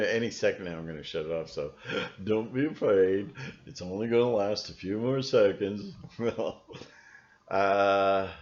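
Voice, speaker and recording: A man's voice: deep voice, a little mellow. A man ranting on his own video channel in a rambling, sardonic monologue, with many restarts. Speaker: video blogger. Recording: dull lo-fi recording.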